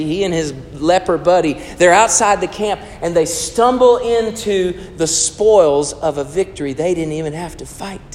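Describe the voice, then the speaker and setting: A male pastor preaching a sermon, animated, rising to loud emphasis and dropping to hushed storytelling. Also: high-pitched, long reverb tail.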